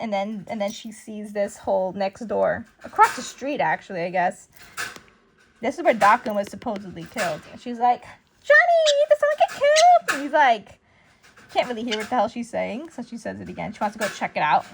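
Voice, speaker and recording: Chatty, animated woman recapping comics. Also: medium pitch, background noise. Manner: animated, chatty, lots of fillers. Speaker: comic book reviewer. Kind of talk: casual reading commentary. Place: home room with a pet bird.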